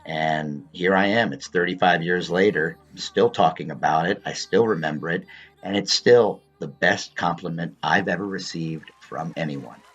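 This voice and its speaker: A man's voice: deep voice, moderate pace, fairly bright tone, slightly rough, faint music behind. A man in his fifties, a former drama student, telling a tribute story about his old teacher and mimicking the teacher's remarks. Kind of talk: tribute anecdote. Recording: dull lo-fi recording.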